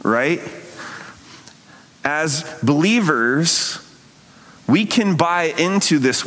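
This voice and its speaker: A man's voice: on the high side, animated, drawn-out words, long pauses, a bit bright, in a large hall. A man preaching a sermon in a conversational way, often checking in with his listeners. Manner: conversational, frequent "right?" asides. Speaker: pastor.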